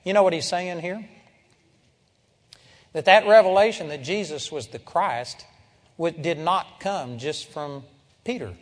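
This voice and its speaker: A man's voice: a little high, a little slow, long pauses. Storytelling preacher man in a reverberant hall. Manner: storytelling preacher, quotes people in dialogue, rising emphatic swells. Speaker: pastor. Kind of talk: sermon.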